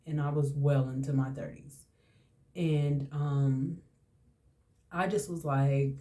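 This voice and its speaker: A woman's voice: sits low, fairly even intonation, takes it slowly, long pauses, dark tone. A woman around forty hosting a podcast, telling a personal story in a candid, emotional way and often repeating herself. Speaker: podcast host.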